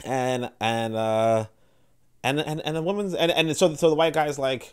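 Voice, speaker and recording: A man with a slightly raised pitch hosts a podcast in an unscripted monologue. He rambles, restarts his sentences, and fills gaps with "you know" as he talks. He slips into quick voiced-out quotes of other people. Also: clean tone. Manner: rambling, full of fillers and restarts; acts out others' words in quoted asides. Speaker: podcast host. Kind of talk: casual monologue commentary.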